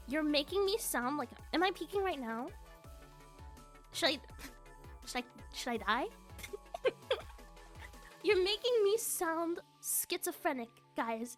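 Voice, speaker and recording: A woman streamer chatting casually on a live stream, excitable and giggly, often repeating herself. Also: sits high. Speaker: live streamer with an avatar model.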